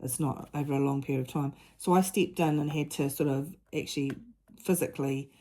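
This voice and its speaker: A middle-aged woman with a low, mellow voice shares a personal story in an unscripted vlog chat. She speaks earnestly, stops and restarts her sentences often, and keeps a relaxed, conversational flow. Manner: earnest, halting, with many restarts. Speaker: mother and diamond-painting vlogger.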